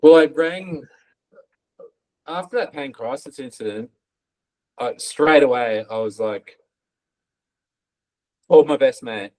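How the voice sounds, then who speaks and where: A man's voice: medium pitch, slow pace, long pauses, poor audio. A man, a podcast guest, telling stories in a loose, swearing, casual way and acting out other people's lines. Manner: swears freely, lively storytelling with quoted voices. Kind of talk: casual storytelling interview.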